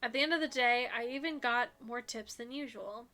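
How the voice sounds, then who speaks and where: A woman streamer reading a visual novel aloud on stream, with an animated, giggly manner and chatty asides to her audience. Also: a little high, brisk, soft background music.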